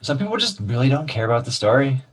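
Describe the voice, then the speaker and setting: A man's voice: mid-range voice, very animated, quick pace, breathy edge. A man co-hosting a casual podcast in a laid-back, self-mocking way. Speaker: podcast co-host. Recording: distant mic.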